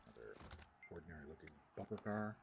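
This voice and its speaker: A man's voice: rumbling low, very animated, quick pace, creaky, background noise. A man streaming a video game, making wry, joking asides in casual gameplay commentary.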